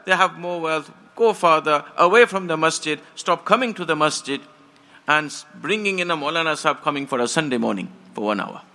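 A man's voice: fairly high pitch, expressive, a little fast, pushed and bright. A man preaching a sermon, telling stories with passion and acting out the voices of the people in them. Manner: impassioned storytelling, acts out quoted voices.

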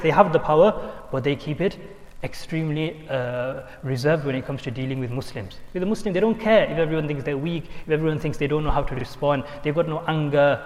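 A man's voice: fairly high pitch, darkish tone, big-room sound. A man preaching a sermon, telling stories and mixing in Urdu and Arabic quotations. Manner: storytelling, switching between English, Urdu and Arabic quotations. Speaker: Islamic preacher.

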